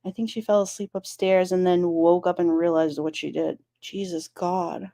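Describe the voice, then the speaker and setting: A woman chatting casually on a live stream, animated and incredulous, often exclaiming. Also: fairly low pitch, moderate pace. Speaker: streamer talking true crime.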